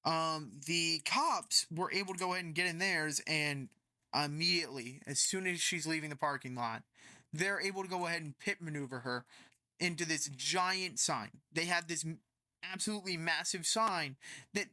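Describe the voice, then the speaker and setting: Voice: mid-range voice, moderate pace, pushed and bright, no echo. A storytime narrator casually retelling a story in a rambling way with many fillers.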